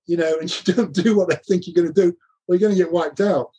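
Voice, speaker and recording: A man's voice: sits high, steady tone, fast talker, warm tone, husky. A middle-aged man telling stories from his coaching career, laughing often and acting out the dialogue he quotes. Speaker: guest recounting coaching career. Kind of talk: animated anecdotal storytelling.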